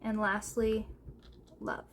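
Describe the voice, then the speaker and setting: A woman reads tarot at a slow, unhurried pace, her delivery gentle and heartfelt. She speaks with pauses and fillers and sounds close to tears. A faint hum sits behind her voice. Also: medium pitch, level tone. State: tearful. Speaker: tarot reader. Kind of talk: slow, soft-spoken tarot reading. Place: home room, seated in a squeaky chair.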